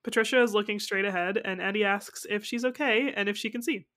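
A woman's voice: mid-range voice, fairly bright tone. Young woman, podcast co-host, casual recap, laughs often. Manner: giggly, recaps scenes with quick quoted asides. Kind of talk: casual chat recapping a TV episode.

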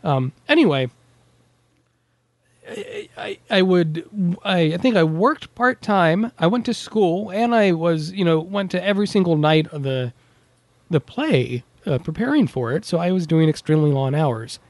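A man's voice: high-pitched, expressive, unhurried, dry recording. A man hosting a podcast in casual chat, earnest and rambling, with many fillers and self-interruptions. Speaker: podcast host.

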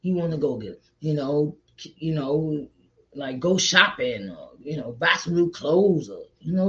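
A man's voice: fairly high pitch, animated, measured pace. A middle-aged man, an author, giving a motivational talk in an earnest, preachy way, repeating himself and calling the listener child or honey. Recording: dull lo-fi recording.

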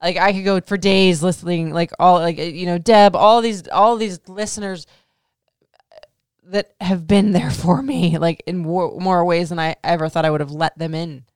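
A woman's voice: lowish voice, fairly even intonation, normal speed, smooth, dry recording. A woman in her thirties hosting a casual podcast, answering listener questions in a frank, profane way, full of "like," sounding emotional and close to tears. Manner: frank, profane, heavy use of "like".

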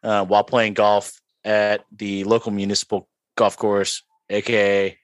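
A man's voice: on the low side, level tone, moderate pace, no echo. A young man hosting a podcast, chatting casually over drinks, joking and laughing as he rambles through stories. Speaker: podcast host.

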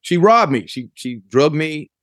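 A middle-aged rapper and producer from Memphis, Tennessee, USA, tells stories as an interview guest in a laid-back, casual way, often saying "you know what I'm saying." His voice is on the high side with big pitch swings, a little slow and fairly bright. The studio sound is clean with no room sound.

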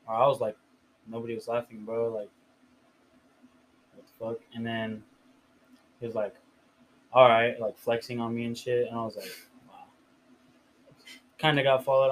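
A man's voice: medium pitch, a little hiss or hum, low-quality recording. Laid-back young man telling a story. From Riverside area, California. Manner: laid-back, profane storytelling with filler words. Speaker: podcast host. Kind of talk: casual storytelling chat.

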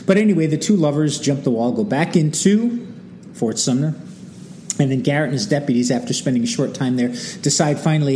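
A man's voice: medium pitch, moderate pace, slight background noise. A man hosting a history talk, telling the story casually with wry asides and acted-out quotes. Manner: animated and wry, acting out quotes, many asides. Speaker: history channel host.

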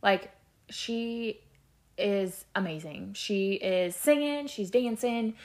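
A woman's voice: mid-range voice, slow pace. Rambling candid woman podcaster. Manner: rambling, filler-heavy, candid and expressive, swears casually. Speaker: podcast host, labor and delivery nurse. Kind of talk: casual solo podcast chat.

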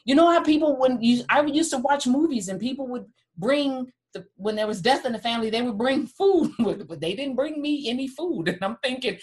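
A middle-aged woman hosting a podcast, telling a personal story in an earnest, animated way and acting out what others said. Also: a little high, a little fast. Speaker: podcast host. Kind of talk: heartfelt conversational talk.

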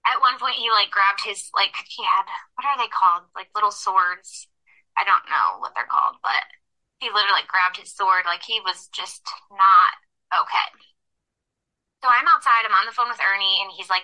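Brief: young woman guest, very bright sharp voice, casual swearing storyteller, phone-line quality. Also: medium pitch. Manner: rapid, heavy use of "like", frequent swearing. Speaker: podcast guest. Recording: tinny phone-line sound.

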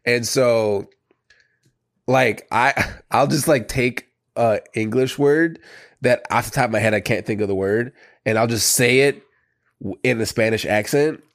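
A man's voice: medium pitch, a little slow, dry recording, studio quality. A man in casual chat who rambles with many fillers and laughs easily.

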